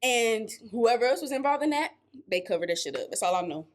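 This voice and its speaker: Female reaction co-host, higher voice, blunt gossipy talker. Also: expressive, a little fast. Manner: blunt, profane, gossipy storytelling. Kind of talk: casual reaction chat.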